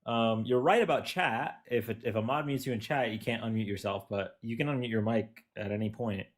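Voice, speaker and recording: Calm man explaining stream rules. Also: mid-range voice, fairly quick. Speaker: stream moderator. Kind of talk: casual live-stream chat.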